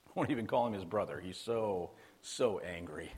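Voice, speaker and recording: Guy preaching a sermon, kinda raspy voice, chatty but emphatic, says stuff twice for weight. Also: low voice, expressive, moderate pace, a little mellow. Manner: conversational, emphatic preaching with repeated phrases. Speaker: pastor.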